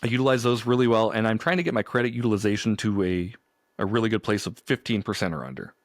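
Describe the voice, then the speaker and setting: A man's voice: lowish voice, expressive, quick pace, no room sound. Easygoing man on a dry podcast mic. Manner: easygoing, laughs often, chatty storytelling. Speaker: podcast co-host. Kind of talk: casual chat.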